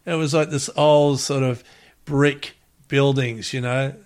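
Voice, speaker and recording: A man's voice: mid-range voice, little pitch movement, slow, darkish tone, smooth. A middle-aged man with an Australian accent, telling a rambling anecdote as an interview guest and acting out the quotes.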